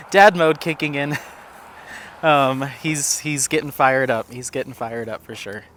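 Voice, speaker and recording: A man's voice: a little high, expressive, slow pace, a bit bright, slight background noise. A man chatting casually for his crafting vlog while walking outdoors, rambling with many fillers and coaxing his dog in a playful, raised voice. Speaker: crafting vlogger. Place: outdoors on a walk.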